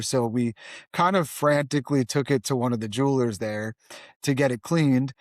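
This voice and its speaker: Middle-aged male guest, casual storyteller, acts out dialogue, mid-pitched, dry close mic. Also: normal speed, no room sound. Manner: animated, acts out dialogue, peppers lines with "right?". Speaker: podcast guest.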